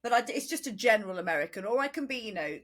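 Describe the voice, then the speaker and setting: A woman's voice: medium pitch, animated. Woman, acting teacher and co-host, easygoing anecdotal chat. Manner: agreeable, quick affirmations, anecdotal. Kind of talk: casual chat.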